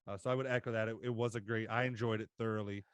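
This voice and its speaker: A man hosting a podcast interview in casual chat, giving brief, measured responses with "uh" fillers. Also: lowish voice, steady tone, smooth, no room sound. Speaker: podcast host.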